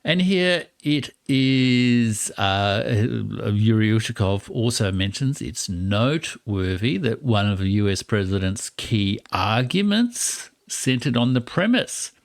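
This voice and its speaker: A man hosting a live-stream political commentary, reading out quotes and explaining them deliberately. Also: medium pitch, big pitch swings, no room sound.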